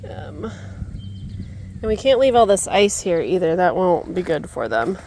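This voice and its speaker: A woman homesteader filming a casual vlog outdoors in her yard and garden on a handheld camera. She talks chattily, coos to her birds in a high coaxing voice, and lets out dismayed exclamations. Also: sing-song, takes it slowly, mellow, slight background noise.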